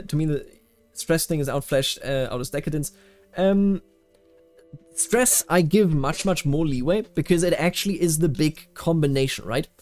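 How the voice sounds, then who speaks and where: A man's voice: a little high, darkish tone. A man from Bavaria giving casual commentary while playing a strategy game, rambling with many fillers and restarts. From Bavaria, Germany.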